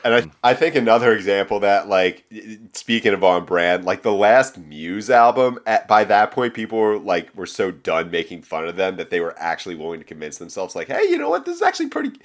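A man's voice: low voice, steady tone, a little fast, hardly any pauses. A man co-hosting a casual music podcast, wry and laid-back with strong opinions. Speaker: podcast co-host.

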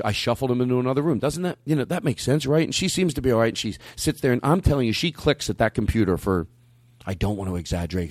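A man and comedian hosting a podcast, telling a story in casual chat and acting out his own outbursts. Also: no echo. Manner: animated storyteller who acts out his own outbursts, swinging high and loud.

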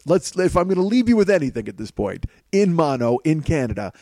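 A man's voice: on the high side, sing-song, fairly quick, few pauses, warm tone, no room sound. A man hosting a podcast, talking in a casual, rambling monologue that is full of swearing and self-mockery, from his home kitchen. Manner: profane, self-mocking, rambling. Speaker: podcast host.

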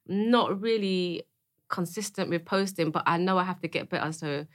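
A woman, a guest artist chatting casually and telling animated, rambling stories. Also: lowish voice, moderate pace. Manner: animated storytelling, rambling restarts. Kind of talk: casual chat.

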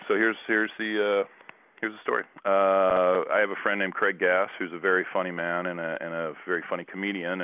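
A man's voice: low-pitched, dry recording. A Canadian man, a former basketball player, telling a rambling story with many restarts as an interview guest over a phone line. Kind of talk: casual anecdote telling.

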